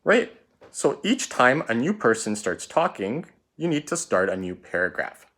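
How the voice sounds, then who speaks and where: A man's voice: medium pitch, very animated, normal speed, a bit bright. A man teaching a recorded writing lesson, explaining punctuation step by step in a patient way and often checking in with "right?".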